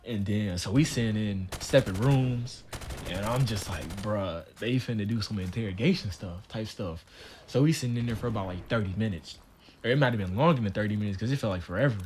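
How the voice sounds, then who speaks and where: A man's voice: on the low side, fast, darkish tone, slight background noise. Laid-back young man telling a story. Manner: laid-back, slangy, laughs at own story. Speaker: channel host. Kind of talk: storytime vlog.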